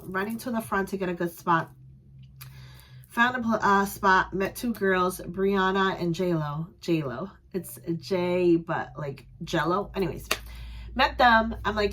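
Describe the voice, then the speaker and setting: A young adult woman vlogger telling a story in a casual, chatty way, animated and quick to laugh. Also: medium pitch.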